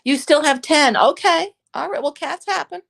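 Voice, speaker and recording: A woman's voice: sits high, expressive, normal speed, creaky, a bit bright. Chatty laughing woman host. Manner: playful, laughs often, rambling. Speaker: host of a crochet club stream. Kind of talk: casual chat.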